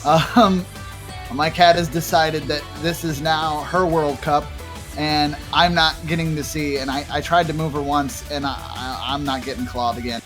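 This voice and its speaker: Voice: medium pitch, fairly even intonation, unhurried. A live esports caster broadcasting from home, with a desk mic and pop filter close up. The talk is chatty and loose and wanders off track, full of laughing asides. Faint music plays underneath. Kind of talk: live tournament commentary. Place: home setup. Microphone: desk microphone with pop filter.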